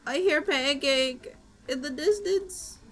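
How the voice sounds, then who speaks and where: A woman's voice: high voice, slow pace. A woman streaming gameplay with friends, talking in a dramatic, playful way and breaking into mock-panicked shrieks and wails.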